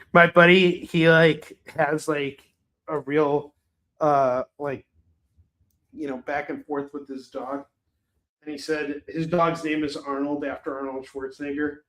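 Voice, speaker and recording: A man's voice: fairly high pitch, little pitch movement, takes it slowly, fairly bright tone. A man hosting a live shopping stream, chatting loosely, laughing and swearing freely. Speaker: live shopping show host. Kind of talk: casual livestream chat.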